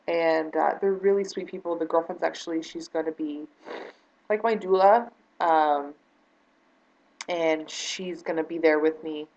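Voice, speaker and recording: A woman's voice: deep voice, creaky, darkish tone, lo-fi sound. A woman talking earnestly to camera in a personal vlog, hesitant with lots of fillers and restarts, near tears. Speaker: vlogger.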